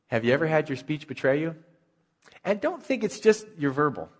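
A man's voice: on the high side, very animated, fairly quick, in a large hall. A male pastor preaching a sermon in a conversational way, asking rhetorical questions.

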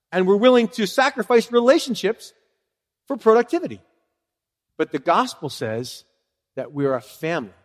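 A man preaching a sermon to his congregation, lively and conversational, acting out short exchanges in different voices. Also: in a large hall. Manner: animated, acts out little dialogues with swooping pitch. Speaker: pastor.

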